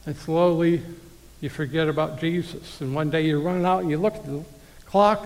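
A man's voice: fairly high pitch, fairly even intonation, moderate pace, a little mellow. A man preaching a conversational sermon, reading scripture aloud and talking directly to his listeners. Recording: long hall reverb.

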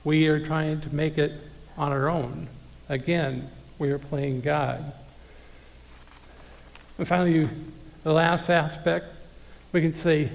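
A man's voice: on the high side, slow, vocal fry, long pauses. A man preaching a conversational sermon, reading scripture aloud and talking directly to his listeners. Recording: long hall reverb.

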